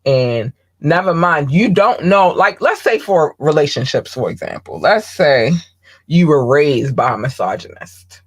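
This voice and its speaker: A woman hosting a podcast, talking bluntly and candidly in a casual monologue, swearing freely and often pausing with ums. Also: deep voice, lively intonation. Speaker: podcast host.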